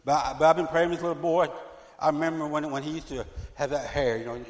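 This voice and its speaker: A middle-aged man preaching a fervent sermon as pastor, repeating himself and swinging from loud to hushed. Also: fairly high pitch, fairly even intonation, fast talker. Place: church sanctuary. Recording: echoey church hall.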